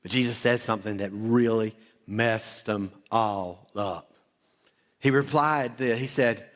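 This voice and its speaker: A male pastor preaching a sermon, telling the story with lively asides and acting out the townspeople's voices. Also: mid-range voice, slow pace. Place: church auditorium.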